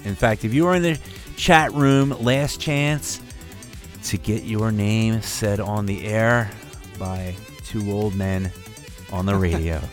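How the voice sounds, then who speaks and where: A man co-hosting an internet radio show in casual, rambling chat, reading out shout-outs and chuckling often. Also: on the low side, takes it slowly, faint music behind. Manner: laid-back, rambling, chuckles a lot.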